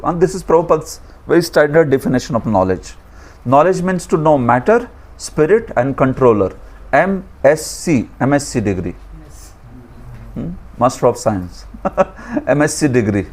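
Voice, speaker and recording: An Indian man teaching a scripture class, at an ordinary middle pitch. He lectures conversationally, throwing questions to his students and adding a chuckling aside now and then. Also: darkish tone.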